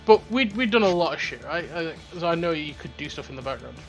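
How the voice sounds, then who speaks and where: A man's voice: fairly high pitch, fast talker. A young man hosting a casual chat, rambling and swearing as he tells stories. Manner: rambling, swears a lot, animated storytelling. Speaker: podcast host. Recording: faint music underneath.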